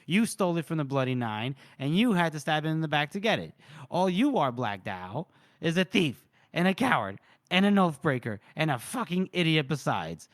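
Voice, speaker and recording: A man voicing a defiant, scheming young male chieftain in a slow, cursing read while retelling a story. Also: a little high, sing-song, dry recording, studio quality.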